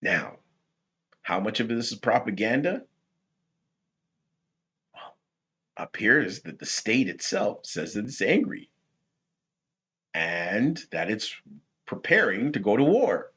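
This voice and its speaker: A man hosting rambling political commentary, talking in a rhetorical, animated way. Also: on the low side, slow, long pauses, slightly rough. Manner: animated, rhetorical, laughs at his own points.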